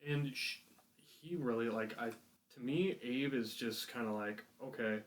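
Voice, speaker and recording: A man co-hosting a podcast, analysing people's motives in casual chat with many halting restarts. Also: mid-range voice. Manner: analytical, hesitant restarts, picks apart motives. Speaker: podcast co-host.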